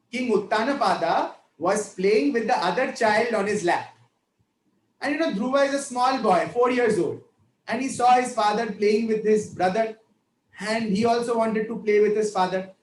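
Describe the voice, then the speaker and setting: Guy telling a devotional story to a group, high voice, roomy echo, faint hum behind. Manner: conversational, checks in with listeners. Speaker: spiritual teacher.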